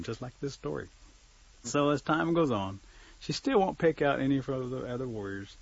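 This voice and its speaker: A man telling a traditional story aloud, animated, swinging between loud and soft, with joking asides. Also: mid-range voice, moderate pace, creaky. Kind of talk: oral storytelling. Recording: dull lo-fi recording.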